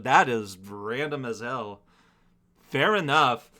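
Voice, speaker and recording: A man's voice: a little high, animated, measured pace, pushed and bright, smooth. A man hosting a video, chatting casually and reading viewer letters aloud with frequent laughs and fillers.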